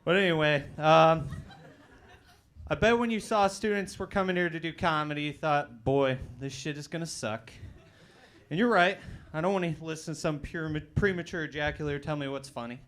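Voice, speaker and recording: A young man in his twenties from Colorado works a comedy club stage through a handheld mic. His voice sits a little high for a man. He delivers his jokes loud and punchy, with sudden shouts. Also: moderate pace. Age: 20s. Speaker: stand-up comedian. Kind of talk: stand-up comedy set.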